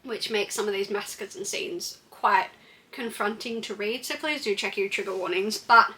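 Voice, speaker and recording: Bright-voiced woman reviewing books casually. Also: medium pitch, normal speed. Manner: blunt, chatty, with frequent fillers and self-corrections. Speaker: book reviewer. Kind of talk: casual book review vlog.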